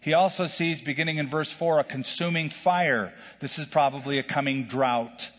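Man, pastor, verse-by-verse sermon, animated storyteller, long hall reverb, dull lo-fi sound. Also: on the high side, normal speed. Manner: animated preacher, repeats words, voices the story's shouts. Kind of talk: expository sermon with a told joke.

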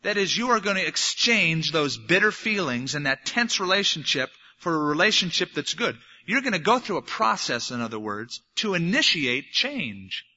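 A man's voice: on the high side, big pitch swings, moderate pace, hardly any pauses, pushed and bright, in a large hall. A man preaching a sermon, telling stories and acting out little scenes to make his point. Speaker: pastor. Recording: dull lo-fi sermon recording.

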